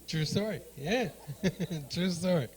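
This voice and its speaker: A brash male stand-up comic riffing crudely with the crowd from a club stage. His voice sits a touch higher than most men's, and he swings between loud punchlines and muttered asides. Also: lively intonation, extremely slow, slight background noise, rough recording. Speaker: stand-up comedian and emcee. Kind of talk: stand-up comedy with crowd work.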